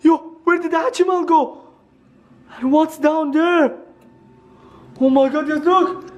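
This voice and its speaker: A man's voice: extremely high pitch, fairly even intonation, a little slow, highs cut off. A young man acting out a scripted horror skit for his vlog, panicking and repeating his exclamations. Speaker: vlogger.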